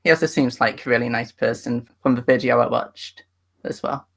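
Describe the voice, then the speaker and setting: A man's voice: mid-range voice, fairly even intonation, normal speed, vocal fry, fairly bright tone. Hesitant young man answering questions. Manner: hesitant, repeats words. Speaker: interviewee and player. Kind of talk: casual interview answers.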